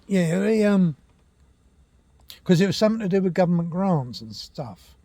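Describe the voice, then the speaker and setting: An older man tells rambling family yarns from his home, stopping to fix his own facts. His voice sits a touch high but sounds dark and husky. The sound is close and dry. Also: lively intonation, normal speed, long pauses, dry recording. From England. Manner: rambling, chatty, self-correcting, laughs at own tales. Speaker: walking vlogger. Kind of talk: casual storytelling to camera. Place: at home, indoors.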